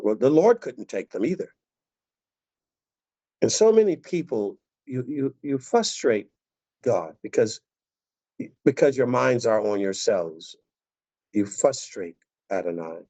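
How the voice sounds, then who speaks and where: A man preaching a sermon as a pastor in a conversational, animated way. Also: medium pitch, measured pace, long pauses. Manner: conversational, animated, laughing asides. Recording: dull lo-fi dry recording.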